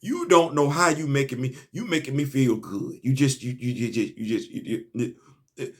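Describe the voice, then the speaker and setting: A young man, excitedly reviewing a comic in a casual, slangy monologue, laughing and stumbling over restarts. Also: medium pitch, normal speed, husky.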